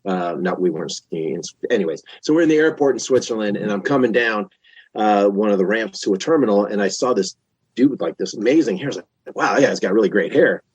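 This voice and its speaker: A man in his fifties, a podcast guest, telling a long story in a casual, animated way with lots of restarts. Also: lowish voice, quick pace, husky, no echo, muffled recording. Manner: animated, chatty, many restarts.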